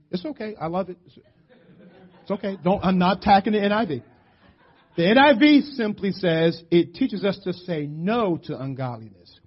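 A middle-aged man from West Philadelphia preaching a sermon, animated and storytelling, shouting for emphasis. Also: high-pitched, breathy edge. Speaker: pastor. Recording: muffled lo-fi church audio.

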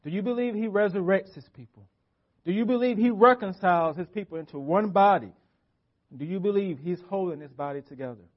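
A man with a high-set voice preaches a sermon, hammering on repeated phrases and dropping suddenly soft before rising again. The audio is dull and lo-fi. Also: a little fast. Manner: emphatic, repetitive preaching with wide swings of loudness. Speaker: pastor.

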